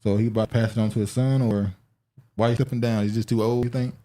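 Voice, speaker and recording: A man's voice: fairly low pitch, fairly even intonation, fast, dark tone, no echo. Man riffing casually on news headlines. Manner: reads headlines aloud then riffs on them, loose and argumentative. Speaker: podcast host.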